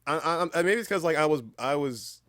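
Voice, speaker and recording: A man with a Southern accent hosting a casual livestream chat, goofy, with loud outbursts and stammering restarts. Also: on the high side, expressive, brisk, no echo, studio quality. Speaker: livestream host.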